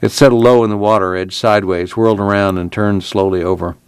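Narator pria bersuara sangat rendah. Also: male voice, fairly low pitch, steady tone, quick pace, clear, resonant tone, dry recording. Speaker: audiobook narrator. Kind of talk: scripted narration.

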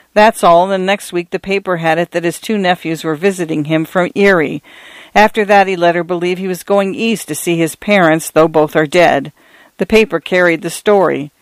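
A man's voice: high voice, dry recording. A man playing a genial gossiping priest. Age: 50s. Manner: easygoing, chatty.

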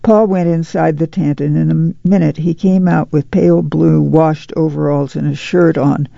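Man narrating audiobook, gravelly, mellow tone, dry slightly dull recording. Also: fairly high pitch, fairly even intonation, normal speed, no echo. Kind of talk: scripted literary narration.

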